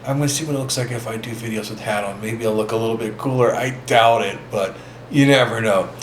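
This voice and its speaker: A man hosting a casual vlog, talking in a rambling, halting way with many restarts. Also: fairly low pitch. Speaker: vlog host. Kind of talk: casual record-collecting vlog. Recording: echoey room with faint ambient noise.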